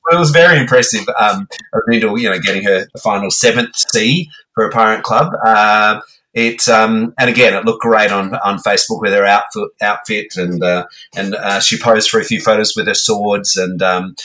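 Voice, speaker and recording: An Australian man co-hosting a podcast, talking casually and haltingly with many ums and restarts. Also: lowish voice, pushed and bright. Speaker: guest co-host.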